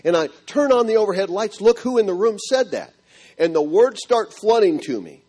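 A middle-aged man telling a church audience his marriage story in an animated, storytelling way. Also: high voice, normal speed. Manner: animated storytelling, acting out quotes. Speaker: speaker giving a marriage testimony.

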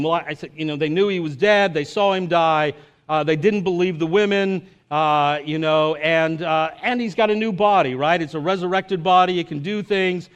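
A man's voice: high voice, moderate pace, clean tone. A male preacher giving a sermon in a casual, conversational way, with jokes and filler words.

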